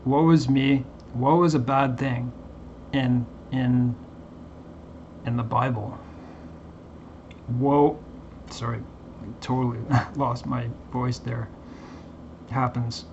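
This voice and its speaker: A man reading passages aloud and commenting on them, halting often with fillers and restarts. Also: medium pitch, level tone, a little mellow. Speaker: Bible commentary vlogger. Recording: dull lo-fi recording with faint background hiss.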